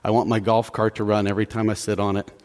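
A man's voice: lowish voice, level tone, fast, darkish tone. A middle-aged man preaching a conversational sermon in a church, checking in with the congregation and poking fun at himself. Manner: conversational, self-deprecating, repeats "okay?" to the congregation. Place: church sanctuary.

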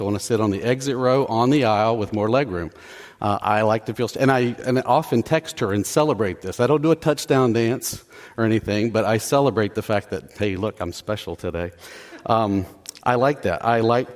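A man's voice: mid-range voice, darkish tone. A middle-aged man preaching a conversational sermon in a church, checking in with the congregation and poking fun at himself. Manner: conversational, self-deprecating, repeats "okay?" to the congregation. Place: church sanctuary.

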